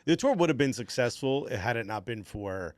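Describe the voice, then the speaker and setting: A man telling lively, laugh-filled stories as a comedian guest on a casual podcast. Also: medium pitch, moderate pace, no echo, studio quality. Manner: animated storyteller, laughs often.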